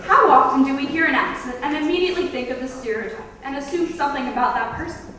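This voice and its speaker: Woman student, emphatic competition speaker with a bright, high voice, heard distantly in a boomy school hall with faint noise behind. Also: fast talker. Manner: emphatic, dipping into mock accents. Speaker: student speech contestant. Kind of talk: prepared competition speech. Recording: echoey hall, voice from far off.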